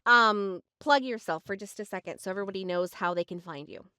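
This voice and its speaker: A woman's voice: medium pitch, a little fast, pushed and bright, clean tone, no echo, clean studio sound. A woman in her sixties with a New Zealand accent, hosting a casual podcast and wrapping up the show in an upbeat way. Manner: upbeat, wraps up with plugs and thanks. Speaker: podcast host. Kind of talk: casual chat.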